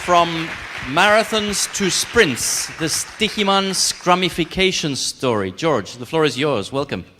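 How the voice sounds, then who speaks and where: Lively male host in a noisy hall. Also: fairly high pitch, measured pace, few pauses, crowd noise. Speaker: conference host. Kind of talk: stage introduction. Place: conference hall.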